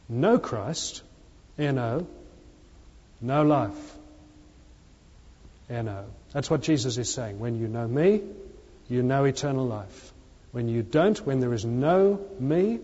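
A man preaches in a church, emphatic and repetitive, his voice falling low on the lines he quotes. His voice is mellow and slightly husky. The dull, lo-fi recording carries a long reverb from the hall. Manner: emphatic, repeating key phrases, dropping his voice on quotes. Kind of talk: sermon.

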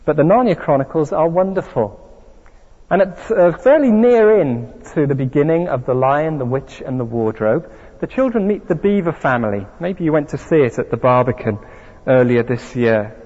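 A man's voice: a little high, expressive, moderate pace, a little mellow, slightly rough. A man preaching a sermon, speaking emphatically and asking rhetorical questions. The recording is dull with a long hall reverb.

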